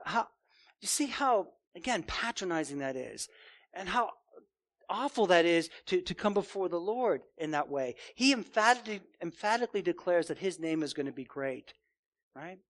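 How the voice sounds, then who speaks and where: High-voiced emphatic male pastor. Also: lively intonation, normal speed, a bit bright. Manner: emphatic, rhetorical questions to the congregation. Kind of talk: sermon.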